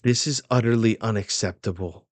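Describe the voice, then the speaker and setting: A man reading aloud the lines of a distraught queen who is horrified by her newborn, in a raised, high-strung voice. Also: normal speed, dry recording, close to an everyday voice.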